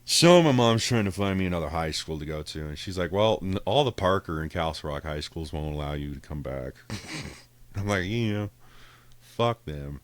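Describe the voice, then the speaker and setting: A man's voice: low voice, lively intonation, normal speed, no room sound. A young man casually telling a story from his past, swearing a lot, laughing often and quoting people in his own voice. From Colorado, US. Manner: profane, laughing, quotes others in his own voice. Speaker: podcast guest telling a story.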